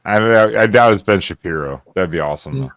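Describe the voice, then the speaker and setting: A man's voice: sits low, lively intonation, a little fast, fairly bright tone, faint music behind. A man co-hosting a casual livestream hangout, blunt and profane, often stumbling over his words. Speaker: co-host.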